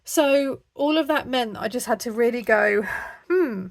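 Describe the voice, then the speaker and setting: This budgeting channel host films at home and chats loosely to the camera, rambling with frequent ums. A little out of breath, she has a fairly high voice with vocal fry and speaks at a moderate pace.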